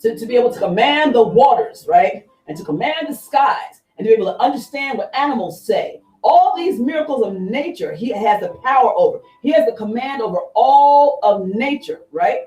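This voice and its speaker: A woman reverend retelling an ancient tale in a lively, conversational sermon, acting out the characters as she goes. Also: fairly high pitch, normal speed, hardly any pauses. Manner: animated, conversational, acts out characters. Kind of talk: storytelling sermon. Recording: echoey room, far from mic, faint music.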